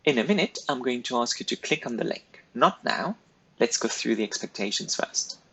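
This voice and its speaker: Husky-voiced male French teacher. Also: mid-range voice, lively intonation, normal speed, fairly bright tone, rough recording. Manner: patient, step-by-step, clearly paced directions to pupils. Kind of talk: recorded classroom lesson instructions.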